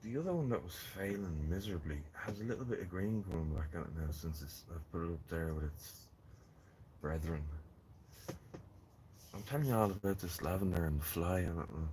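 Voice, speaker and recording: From a greenhouse in the rain, a man with a deep, slightly mellow voice talks fairly quickly on a gardening live stream, rambling and joking with viewers. There's a little background noise.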